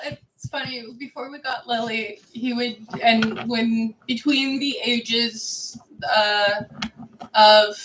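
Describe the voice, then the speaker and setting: A woman co-host reads viewer comments aloud in a slightly high voice, then slips into easy chat. She laughs often as she tells her stories. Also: fairly bright tone, rough recording. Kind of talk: live stream chat.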